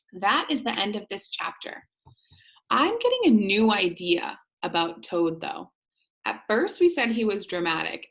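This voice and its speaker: Slow lively woman teacher. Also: mid-range voice. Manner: gentle, questioning, explanatory. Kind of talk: reading aloud and explaining to students.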